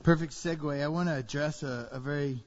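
A man's voice: on the high side, brisk, muffled recording. A man hosting a church service with casual, chatty talk full of fillers. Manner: relaxed, chatty, many fillers.

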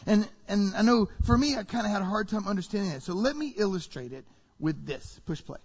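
High-voiced preacher in a reverberant hall. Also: male voice, a little fast, breathy edge. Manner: animated, rhetorical questions to the congregation. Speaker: pastor. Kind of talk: sermon. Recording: reverberant hall, dull sound.

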